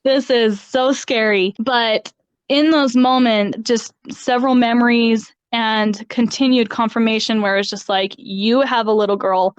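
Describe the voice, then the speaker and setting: Woman, podcast guest, fairly high smooth voice, candid and laughing, dry close-mic sound. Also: fairly even intonation, unhurried, no echo. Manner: candid, laughs often between phrases. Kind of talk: personal story in an interview. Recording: slightly dull dry sound.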